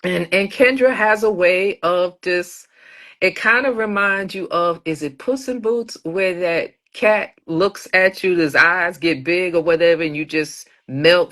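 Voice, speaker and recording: A woman guest poet chatting in an interview, telling stories and acting out quoted dialogue. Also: lowish voice. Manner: animated storyteller, acts out quoted dialogue. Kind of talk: casual interview chat.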